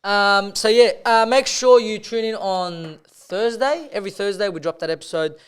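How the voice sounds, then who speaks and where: A man's voice: sits high, normal speed. Rambling young guy telling stories. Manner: rambling, swears freely, laughs at own stories. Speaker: podcast co-host. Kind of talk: casual chat, storytelling.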